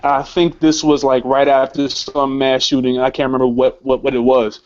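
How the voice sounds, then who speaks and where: A man's voice: medium pitch, flat delivery, moderate pace. A young man hosting a show and telling a personal story in a casual, heated way, swearing and stammering over his words, shaken as he talks. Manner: heated, profane, stammering repeats. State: emotionally shaken. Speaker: host. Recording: slightly muffled lo-fi recording.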